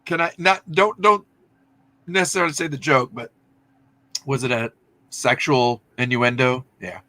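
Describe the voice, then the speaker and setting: A man from Texas hosts a loose video-call chat, his voice bright and forward. He rambles through long anecdotes and slips into voices for the people he quotes. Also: medium pitch, fairly even intonation, measured pace. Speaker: host. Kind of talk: casual chat.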